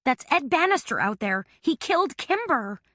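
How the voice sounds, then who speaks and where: A woman's voice: high voice, big pitch swings, normal speed, fairly bright tone, no room sound, studio quality, voice pushed up. A woman voicing a desperate heroine who cries out frantically and pleads, in a storybook reading. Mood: frantic. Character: desperate woman amateur sleuth.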